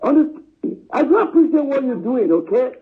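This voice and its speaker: A man's voice: very high-pitched, sing-song, brisk, faint music behind. A man from southeastern Nigeria, calling in to a live stream and insistently pressing his point, often saying "you know" and "understand?" and calling the host "my brother.". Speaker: caller. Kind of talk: phoned-in opinion to a live stream. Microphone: phone. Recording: tinny phone line.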